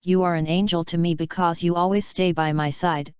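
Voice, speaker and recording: A woman's voice: on the low side, level tone, brisk, a little mellow, smooth, dry recording, highs cut off, natural voice. A woman reading the lines of a small eager girl in a storybook, barely changing her voice. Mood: earnest. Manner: plain read-aloud quotes.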